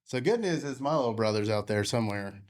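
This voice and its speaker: A man's voice: on the low side, animated, quick pace. A man hosting a fight podcast, talking in a blunt, laid-back, profane way in casual chat. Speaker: podcast host.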